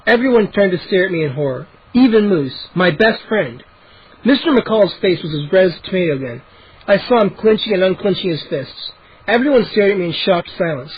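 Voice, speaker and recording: Husky high-voiced man reading a storybook. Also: animated, brisk, dull audio. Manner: reads with occasional slips and restarts. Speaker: audiobook reader. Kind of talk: cold-read storybook narration.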